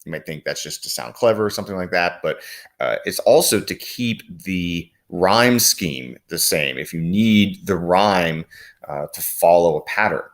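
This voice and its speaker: A man's voice: low-pitched, lively intonation, normal speed. A man teaching a lesson, explaining patiently with frequent fillers and reading quoted lines aloud. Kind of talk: recorded classroom lecture.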